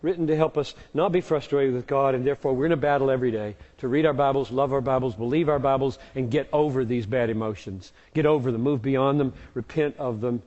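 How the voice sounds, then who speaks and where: A man's voice: medium pitch, fast, few pauses, darkish tone, big-room sound, highs cut off. A man answering audience questions as a pastor, speaking emphatically and repeating key words for force. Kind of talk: live Q&A teaching.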